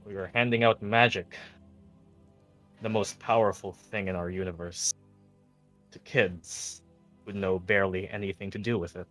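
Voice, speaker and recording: A man's voice: deep voice, steady tone, moderate pace, pauses often, a bit bright, soft background music. A man voicing a blunt, stern female campus healer who talks in a curt, disapproving, matter-of-fact way.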